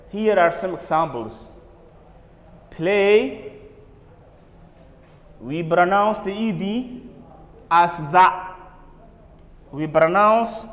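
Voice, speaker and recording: A man teaching an English pronunciation lesson, drilling words slowly and repeating each one. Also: sits high, long reverb tail. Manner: slow, drilling words with repetition. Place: classroom or studio for a TV lesson.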